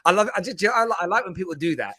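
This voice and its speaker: A man hosting a football podcast in an animated, casual chat. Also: high-pitched, racing, slightly rough. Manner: animated, laughing, chatty.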